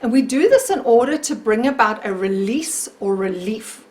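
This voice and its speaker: A woman wellness coach leading a guided self-help tapping exercise in a gentle, encouraging, chatty way, talking to the camera. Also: fairly high pitch, expressive, normal speed.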